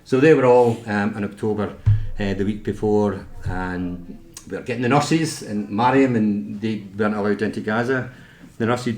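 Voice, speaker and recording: On the low side and a little mellow, the voice belongs to a Scottish man who works as a nurse and talks casually about his job. He is chatty, tells lots of anecdotes, and often restarts; the echoey meeting room carries faint noise.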